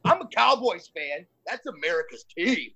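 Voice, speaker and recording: Sports radio co-host, man, rambling joker, provocative, slightly high voice. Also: very animated, moderate pace, lo-fi sound, a crowd in the background. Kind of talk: casual sports radio banter.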